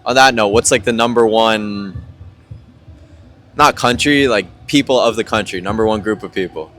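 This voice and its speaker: A man's voice: on the low side, normal speed, a bit bright, a little hiss or hum. A man hosting a casual street interview, asking easygoing follow-up questions.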